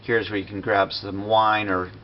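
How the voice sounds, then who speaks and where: A man giving a casual walkthrough of a building he made in a game, relaxed and full of fillers and pauses. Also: lowish voice. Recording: dull lo-fi recording with faint noise.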